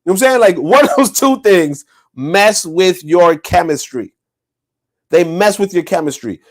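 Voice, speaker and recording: A man with a fairly high voice that swings widely up and down as he talks. He chats casually on a podcast livestream, profane and animated, breaking into laughter as he riffs. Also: normal speed. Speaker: podcast co-host.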